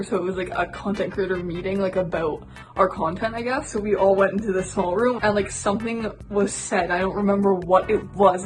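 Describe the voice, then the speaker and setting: A young woman vlogger with a mid-range voice tells a casual story, dropping "like" into nearly every phrase. Music plays behind her on a rough recording.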